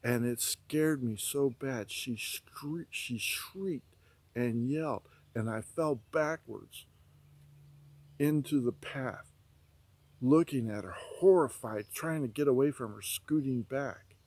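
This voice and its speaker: A man's voice: medium pitch, takes it slowly, darkish tone, slightly rough, no echo. Earnest man telling a dream, dry sound. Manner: urgent, preaching warnings; vivid storytelling with many repetitions. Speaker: vlogger recounting a prophetic dream. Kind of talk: earnest spoken testimony.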